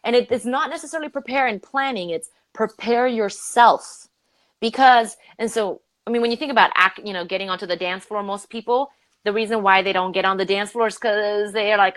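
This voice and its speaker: Speaking briskly over a rough recording without echo, a Romanian-born leadership coach tells stories during a conversational interview. She gets animated, voicing the people she quotes with big leaps in pitch.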